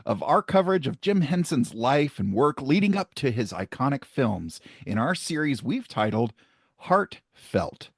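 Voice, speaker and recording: A man's voice: mid-range voice, very animated, a little slow, slightly rough, dry recording, studio quality. A man who is a comedian, co-hosting a podcast in a playful, upbeat way. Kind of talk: casual podcast banter.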